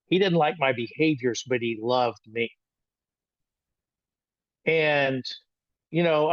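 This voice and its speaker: An older man in his sixties tells a story from his own childhood, wandering and halting as he goes, with plenty of restarts. The sound is dry and a little dull, with no room around his voice. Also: mid-range voice, dry recording. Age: 60s. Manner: rambling, halting with frequent restarts. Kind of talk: personal storytelling talk.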